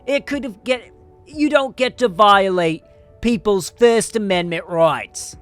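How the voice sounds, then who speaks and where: A man's voice: sits high, faint music behind, pitched above the performer's own voice. A man doing an impression of a ranting older male politician in a shaky, put-on New York accent, drawn out and indignant. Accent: New York, put on and drifting. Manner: loud, drawn-out, wavering fake accent.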